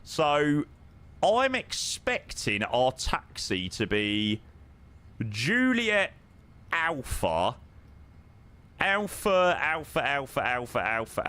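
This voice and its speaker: A man talks casually to his viewers while streaming. His mid-pitched voice is lively, rising and falling freely, and he fills gaps with ums and a friendly "mate". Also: clear, resonant tone. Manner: chatty, answers viewers with lots of ums and "mate". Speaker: live streamer flying a flight simulator. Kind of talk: casual live-stream chat.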